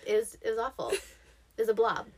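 This young woman talks fast in a fairly high voice, with a little hiss or hum in the audio. As a podcast co-host in casual chat, she tells animated stories, laughing a lot and acting out what people said.

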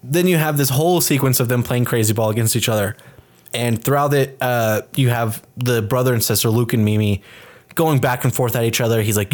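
A man's voice: medium pitch, fairly quick. A man co-hosting a casual movie review podcast, retelling scenes animatedly and acting out the characters' lines in raised voices. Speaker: podcast co-host.

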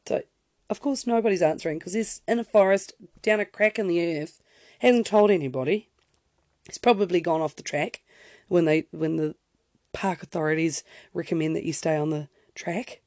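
A young woman spinning a story in a loose, chatty way, full of fillers and little asides that pull her off track. Her voice has a gravelly fry and a mellow, warm color. It is recorded close and dry, with no room around it. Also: fairly low pitch, moderate pace, dry recording. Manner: chatty, lots of fillers, self-interrupting asides. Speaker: podcast host. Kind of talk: casual storytelling.

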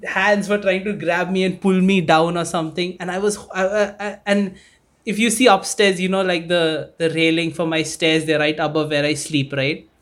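A man's voice: sits high, flat delivery, normal speed, fairly bright tone. A man co-hosting a casual podcast, telling a story in a loose, rambling way, laughing often and swearing casually. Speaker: podcast co-host. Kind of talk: casual chat.

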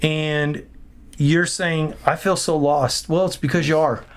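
A man's voice: a little high, fairly even intonation, a little slow. Earnest preaching pastor, man. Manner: earnest, exhorting, repeats phrases for emphasis. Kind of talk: preaching in podcast conversation.

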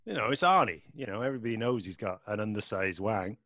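A man's voice: on the low side, sing-song, quick pace, bright, forceful tone, no room sound. A man joking and laughing as a guest in casual podcast banter.

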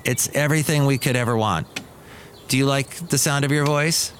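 A man's voice: mid-range voice, moderate pace, fairly bright tone. A middle-aged man hosting a comedy podcast in a loose, rambling way, stopping and restarting his sentences. His voice sits in an ordinary mid range, with a faint hiss of room noise behind him. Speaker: podcast host. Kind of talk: casual comic monologue.

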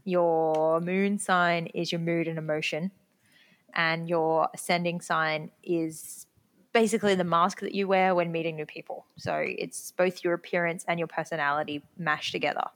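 Animated woman telling quick stories. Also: lowish voice. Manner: quick, animated storytelling, acts out quotes. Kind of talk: casual chat.

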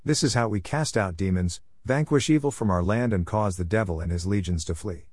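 A man's voice: fairly low pitch, brisk, a little mellow, dry recording. A man reading a devotional teaching aloud in an earnest, emphatic preaching cadence. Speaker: devotional writer and reader.

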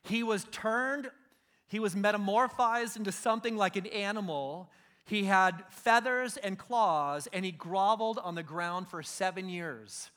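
Bright, high-voiced man preaching casually. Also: a little slow. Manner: casual storytelling, acts out biblical figures in slang. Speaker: pastor. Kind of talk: sermon.

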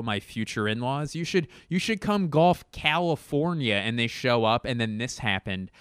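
A man's voice: fairly low pitch, fairly bright tone, clean tone, no echo, studio quality. A young adult man, a podcast host, at home telling a rambling, profane, self-mocking comedic story in casual monologue. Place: at home, in a bedroom.

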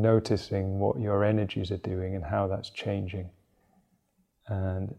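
A man teaching a meditation class, explaining the practice in a relaxed way that sounds like he is thinking aloud. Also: on the low side, gravelly.

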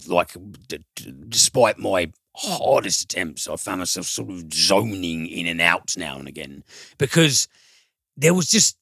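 A man's voice: on the low side, vocal fry, bright, forceful tone, husky, no echo. A man reviewing a film in casual chat, rambling and profane, with frequent fillers and restarts.

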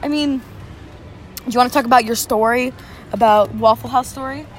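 A woman's voice: fairly high pitch, moderate pace, slight background noise. A young woman in casual chat, rambling and swearing often, with "like" in nearly every phrase. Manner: rambling, heavy use of "like", frequent swearing. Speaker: podcast co-host.

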